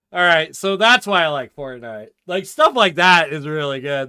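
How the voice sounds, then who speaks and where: A man streaming a video game, chatting casually and muttering to himself between loud outbursts. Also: a little high, lively intonation, normal speed, hardly any pauses, smooth, no room sound, clean studio sound. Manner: swears and laughs loudly at game moments, mutters otherwise. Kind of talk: casual gameplay commentary.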